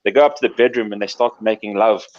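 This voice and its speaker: A man telling a long joke on a video call in a relaxed, chuckling way. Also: lowish voice, fast, lo-fi sound. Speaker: panelist.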